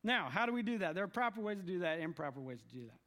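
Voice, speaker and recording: A man from the United States preaching a lively sermon, with emphatic lists and short quoted voices. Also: high voice, racing.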